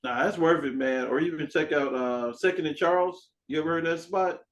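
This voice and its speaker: A man hosting a podcast in casual chat, an animated storyteller who acts out dialogue and swears freely. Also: on the high side, brisk, low-quality recording. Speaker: podcast host.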